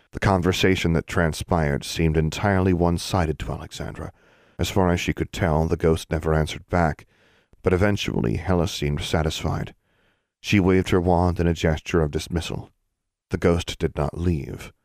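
Deep-voiced male audiobook narrator. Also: darkish tone, dry recording, clean studio sound.

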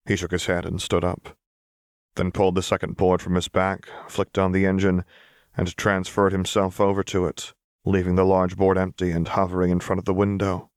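Deep-voiced man narrating a story. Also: moderate pace, clean tone, no echo, studio quality. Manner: steady storytelling. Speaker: audiobook narrator. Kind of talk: scripted narration.

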